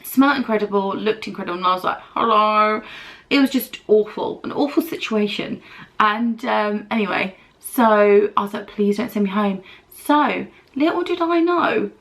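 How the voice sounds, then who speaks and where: Here a British woman in a mid-range voice, lively in intonation and moderate in pace, vlogs casually at home while putting on makeup. As a beauty vlogger recovering from dental treatment, she tells a long story in a candid, chatty, rambling way.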